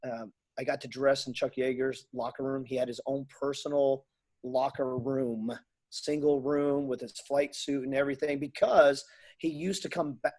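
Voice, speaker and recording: A middle-aged man telling stories in casual chat, animated and acting out the dialogue in them. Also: mid-range voice. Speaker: guest. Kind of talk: casual storytelling.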